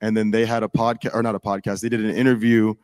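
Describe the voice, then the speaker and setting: A man's voice: fairly low pitch, flat delivery, quick pace, darkish tone, no echo. A young man in casual political chat, rambling with many "like"s and restarts.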